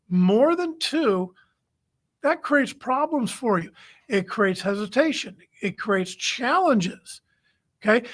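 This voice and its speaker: A man's voice: high voice, a bit bright. A man hosting a recruiting show, giving numbered coaching tips straight to the camera in a firm, plain-spoken way. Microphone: camera-facing webcast.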